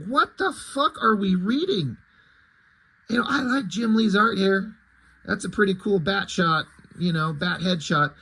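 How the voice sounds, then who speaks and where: A man's voice: high voice, expressive, a little slow, sharp tone, breathy edge, low-quality recording. A man reviewing a comic book in casual commentary, sarcastic and profane, with frequent asides.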